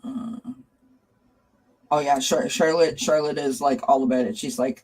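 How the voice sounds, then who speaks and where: Woman host of a live tarot chat, warm, chatty, greets viewers by name. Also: very deep voice, measured pace, husky. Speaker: tarot reader and channel host. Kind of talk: casual live-stream chat.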